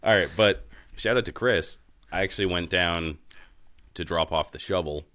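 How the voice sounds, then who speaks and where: A man's voice: deep voice, normal speed, fairly bright tone, no room sound. A man co-hosting a podcast, chatting casually, swearing and saying dude a lot. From New England. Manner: swearing, laid-back, says dude a lot. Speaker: podcast co-host. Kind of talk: casual chat.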